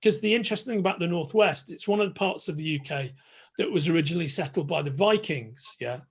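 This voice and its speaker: Excitable male host. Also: fairly high pitch, fast, breathy edge. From Liverpool, England. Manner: excitable, talkative, restarts often. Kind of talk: enthusiastic casual interview chat.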